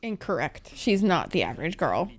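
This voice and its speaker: A woman's voice: on the low side, big pitch swings, moderate pace. A young woman from Egypt giving casual reaction commentary, exclaiming and talking back at the screen. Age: young adult. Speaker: anime reaction streamer. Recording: show music faintly behind.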